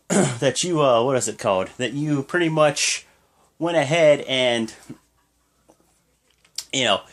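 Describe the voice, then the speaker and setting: A young fan imitating a male pro wrestler delivering a halting, threatening promo. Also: medium pitch, lightly acted.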